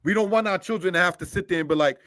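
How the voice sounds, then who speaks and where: A man's voice: high-pitched, very fast, fairly bright tone, no echo. Preacherly man teaching scripture, dry sound. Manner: preacherly, asks many rhetorical questions, addresses listeners as brothers and sisters; spells out Hebrew words line by line. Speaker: Torah teacher. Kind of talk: scripture lesson.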